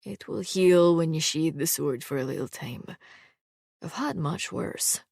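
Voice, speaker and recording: A woman voicing an immortal male swordsman who speaks in a low, quiet, dryly amused undertone. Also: measured pace, creaky, slightly rough, no echo, studio quality, full character voice. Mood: hushed. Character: gruff immortal male swordsman, dry wit.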